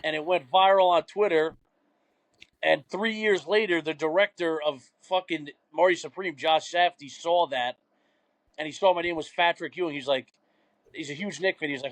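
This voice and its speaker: A man's voice: on the high side, moderate pace, no echo. A young man, a podcast guest telling rambling, profane stories in casual chat.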